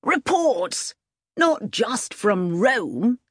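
A woman voicing an agitated male army colonel in an audiobook reading, loud and urgent. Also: fairly high pitch, very animated, very slow, husky, dry recording, clean studio sound, voice pushed up, heavily acted.

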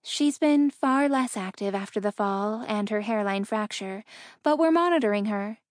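A woman's voice: medium pitch, normal speed, dry recording, clean studio sound, lightly acted. A woman voicing a caring middle-aged mother who speaks tenderly and reassuringly in an audiobook reading.

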